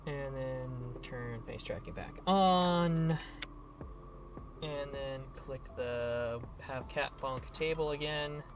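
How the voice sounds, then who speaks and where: A man's voice: mid-range voice, slow, a little hiss or hum. A man streaming a game live, chatting casually in a rambling, playful way and swearing now and then.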